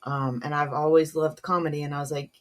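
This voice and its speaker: A woman's voice: deep voice, flat delivery, fairly quick. A woman, a naval officer and comedian, speaking frankly and earnestly as a podcast guest, with many um and you know asides. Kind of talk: candid podcast conversation.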